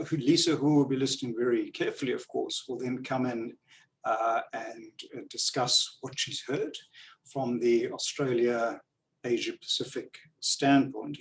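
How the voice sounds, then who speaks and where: Man moderating an online panel, distant audio. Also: mid-range voice. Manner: measured, with frequent fillers and restarts. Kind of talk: webinar moderation. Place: Canberra, Australia. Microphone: video call.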